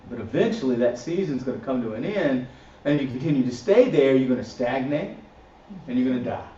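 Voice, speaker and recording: A man's voice: mid-range voice, expressive, fairly quick, warm tone, slight background noise. A man teaching a church class in a casual, repetitive way, restarting phrases and tagging points with "right?". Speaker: ministry teacher. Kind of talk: recorded teaching session. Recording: roomy, distant, dull lo-fi audio.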